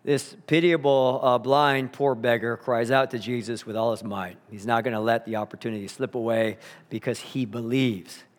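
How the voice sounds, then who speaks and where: A man preaching a sermon, earnest and emphatic, slowing down to repeat key phrases, in a church sanctuary. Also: medium pitch, steady tone. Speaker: pastor. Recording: long hall reverb.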